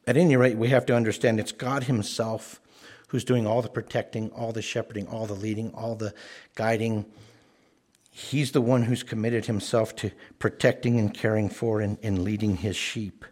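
A man's voice: lowish voice, level tone, moderate pace, darkish tone. A man preaching a sermon, earnest and often repeating words as he stresses a point. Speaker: pastor.

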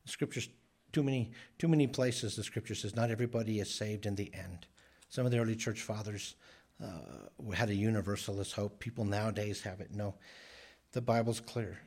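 A man's voice: fairly low pitch, moderate pace, darkish tone. A man preaching a sermon in an earnest, emphatic way, often repeating phrases for stress. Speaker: pastor.

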